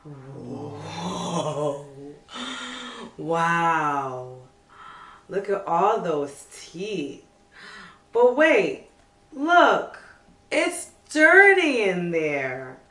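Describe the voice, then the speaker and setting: Slow sing-song preschool teacher woman. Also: lowish voice, echoey room, far from the mic. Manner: slow, sing-song and animated, with coaxing questions. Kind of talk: bilingual teaching for toddlers.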